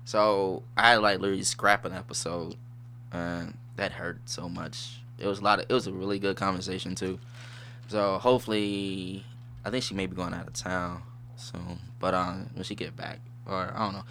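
Bright-voiced laid-back man hosting a podcast. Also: deep voice, little pitch movement, moderate pace, a little hiss or hum. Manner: laid-back slangy rambling, laughs often. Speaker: podcast host. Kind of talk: casual solo podcast chat.

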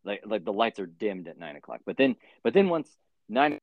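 A man's voice: on the low side, sing-song, moderate pace, vocal fry, dry recording. A man telling a long story in casual podcast chat, rambling and profane with many fillers. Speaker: podcast host. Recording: dull lo-fi sound.

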